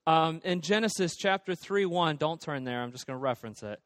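A man's voice: on the high side, expressive, fairly quick, no echo, big-room sound. A man preaching a casual, conversational sermon as pastor, with frequent fillers and restarts.

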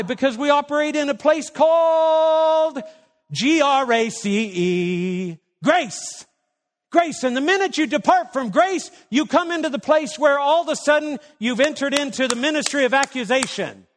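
A man's voice: very high-pitched, fairly bright tone, big-room sound. A man preaching a sermon as a pastor, emphatic and firing rhetorical questions at the congregation.

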